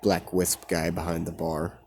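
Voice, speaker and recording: A man's voice: low voice, completely flat delivery, a little slow, darkish tone, slight background noise. A man casually retelling a fan story in a rambling, profane way, full of fillers.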